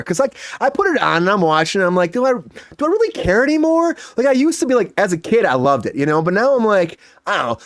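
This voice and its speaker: A man hosting a comedy entertainment news show, talking fast and joking, often dropping into quick impressions. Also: high-pitched, no room sound, clean studio sound. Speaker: host.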